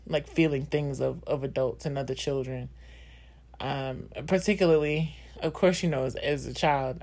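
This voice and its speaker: A woman's voice: deep voice, a little mellow. A woman in her thirties hosting a podcast, speaking candidly and emotionally in a personal monologue full of fillers and laughter. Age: 30s. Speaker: podcast host.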